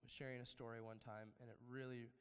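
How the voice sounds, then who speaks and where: A man's voice: mid-range voice, flat delivery, fast, smooth. Preaching man in a reverberant hall. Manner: preaching with call-outs for amen, rising to emphatic peaks. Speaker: pastor. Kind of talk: sermon.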